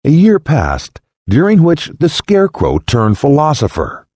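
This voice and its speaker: A man reading parables aloud in a solemn, deliberate storytelling voice. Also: wildly swooping pitch, a little mellow, no echo. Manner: solemn, deliberate, with wide swings in pitch. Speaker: narrator. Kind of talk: slow dramatic reading of parables.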